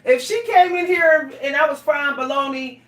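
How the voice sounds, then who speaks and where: High, bright-voiced woman vlogger, echoey room. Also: moderate pace. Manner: animated, laughing, exclaiming, addresses viewers as y'all. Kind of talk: casual monologue to viewers. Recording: echoey room, voice a bit far from the mic.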